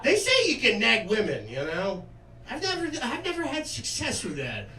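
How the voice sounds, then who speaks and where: A man's voice: sits high, wildly swooping pitch, normal speed, pushed and bright, a little hiss or hum. A man in his twenties doing a stand-up comedy set, jovial, crude and self-mocking. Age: 20s. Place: comedy club stage. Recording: roomy club sound from a distance with audience laughter.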